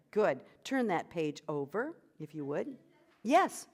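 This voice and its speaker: A woman's voice: lowish voice, very animated, takes it slowly, a little mellow, breathy edge. A woman vocal coach leading a voice workshop. She encourages the group and demonstrates sounds and short sung phrases for them to copy.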